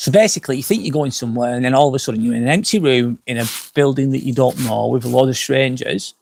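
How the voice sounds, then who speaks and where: A man hosting a casual live stream outdoors by a fire pit, a little drunk on wine, rambling through chat comments with lots of swearing and quick apologies. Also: mid-range voice, creaky, darkish tone, a little hiss or hum. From England. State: tipsy from wine.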